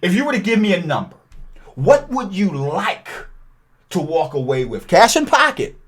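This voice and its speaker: An energetic middle-aged man walks through a cold calling script, his pitch rising and falling a great deal as he stresses each point. His voice sits a little high for a man, and he slips into a lighter tone to act out sample lines for callers. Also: moderate pace, slightly rough. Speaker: real estate investing coach. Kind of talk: training video walkthrough.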